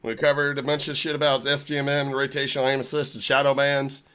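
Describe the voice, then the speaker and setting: Sarcastic streamer guy ranting on a live stream, bright voice. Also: medium pitch, little pitch movement, fast, clear, resonant tone. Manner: sarcastic, mock-polite, profane. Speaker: streamer host. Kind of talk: casual live-stream rant.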